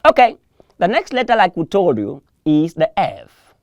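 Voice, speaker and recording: A woman leads a televised French lesson in a low, animated voice whose pitch swings widely. She drills each word over and over and gently corrects learners who say it wrong. The sound is dry and close. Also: moderate pace, muffled recording, faint music behind. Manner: patient drilling, repeats words for learners to echo; encouraging, gently corrects mispronunciations. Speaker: French teacher.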